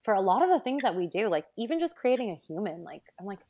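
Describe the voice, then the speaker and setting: With a dark-toned, medium-pitched voice and a sing-song lilt, a pregnant young woman talks fast as a casual podcast guest. Though tired and a little short of breath, she laughs a lot and leans on fillers.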